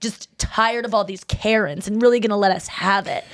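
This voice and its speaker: A woman's voice: medium pitch, moderate pace, no room sound, studio quality. A woman co-hosting a podcast, telling stories in a casual chat and acting out the quotes. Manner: animated storytelling, acts out quotes. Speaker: podcast co-host.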